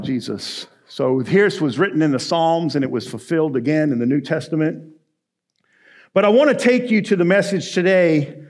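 A pastor delivers his sermon in a fairly high-pitched voice. He surges loud and emphatic, then drops to low, quiet asides, with the cadence of the pulpit.

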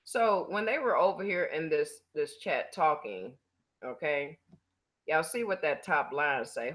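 A woman's voice: low-pitched, sing-song, unhurried, fairly bright tone. A woman hosting her own channel, giving blunt, profane, mocking commentary in a casual chatty style. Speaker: channel host.

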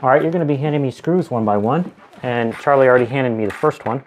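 A man walks through a hands-on build at home, talking plainly as he works. His voice sits at an ordinary middle pitch, and the tone stays casual and instructive. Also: quick pace, darkish tone, slight background noise. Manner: explains steps plainly while working. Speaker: channel host building a PC.

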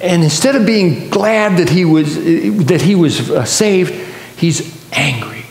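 A man preaches to his congregation, retelling an old story with lots of halting restarts and doubled words. His voice sits a little high for a man and rings out into a large, reverberant church sanctuary. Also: expressive. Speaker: pastor. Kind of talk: sermon. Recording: echoey church hall.

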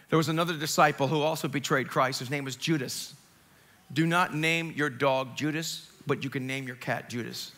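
A middle-aged male pastor giving a sermon, telling the story in a lively, joking way with dramatic retellings. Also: medium pitch, normal speed. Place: church sanctuary.

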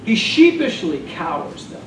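A man preaching a sermon as pastor, animated and joking in a conversational way. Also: high-pitched, moderate pace, a little hiss or hum. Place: church sanctuary. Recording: echoey room from far off.

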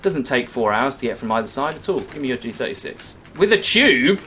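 A young man talks over his own gameplay, sarcastic and quick to swear whenever things go wrong. His voice swings widely up and down in pitch, and a faint hiss sits under the recording. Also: very animated, bright, forceful tone. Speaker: gaming YouTuber. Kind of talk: live gameplay commentary. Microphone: webcam-recorded gaming setup.

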